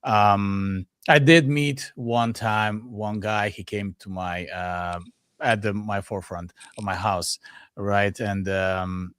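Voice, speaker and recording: A man with a Serbian accent, a native Serbian speaker hosting a casual podcast conversation and pausing often as he searches for words. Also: fairly low pitch, steady tone, fairly bright tone, smooth, no echo, studio quality. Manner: halting, frequent pauses and restarts.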